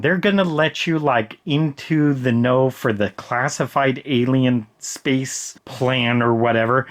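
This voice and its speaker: A man reviewing a book in a ranting, exasperated way, full of casual filler words and insults for a character. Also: mid-range voice.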